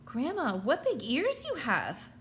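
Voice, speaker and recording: A sweet, trusting little girl from a storybook speaks in a high, eager voice, as a woman reading aloud puts her on. Her tone rises and falls with wide-eyed wonder. A faint hum sits in the background. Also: wildly swooping pitch, takes it slowly, a bit bright, full character voice. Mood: innocent.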